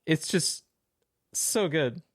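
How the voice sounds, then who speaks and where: A man's voice: a little high, expressive, drawn-out words, dry recording, studio quality. A man co-hosting a casual film-review podcast, enthusiastic and rambling, with lots of fillers and casual swearing. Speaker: podcast co-host.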